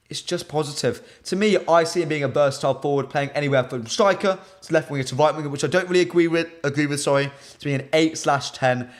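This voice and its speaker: A young British man hosting a live stream, chatting casually and answering viewers' comments in lively banter. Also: on the high side. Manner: animated, reads chat comments aloud and banters with viewers.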